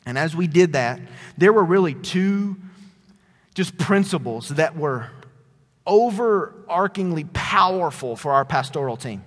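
A man preaching a sermon as a pastor, conversational, shifting between loud emphatic lines and quiet, dropped phrases. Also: a little high, big-room sound.

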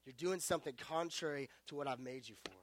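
High-voiced casual young male preacher. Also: fast, no echo. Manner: casual, animated storytelling with self-aware jokes. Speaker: youth pastor. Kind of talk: sermon to a youth group.

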